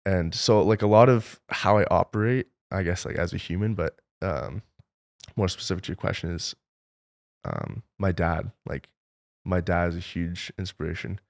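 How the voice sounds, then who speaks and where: Young male director guest, low gravelly voice, loose rambling talk full of filler words. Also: normal speed. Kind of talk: casual interview storytelling.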